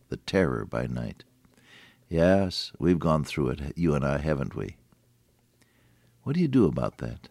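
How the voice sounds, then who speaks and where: An older man giving a folksy devotional radio sermon, talking straight to the listener and swinging between hushed lows and emphatic high points. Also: very animated, a little slow, creaky, pauses often, no room sound. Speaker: radio preacher.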